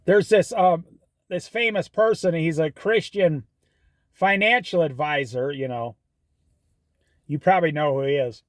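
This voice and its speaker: A man's voice: a little high, unhurried, long pauses, dry recording. A middle-aged man giving folksy, preachy life and money advice, telling stories as he goes. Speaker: host. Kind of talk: casual monologue.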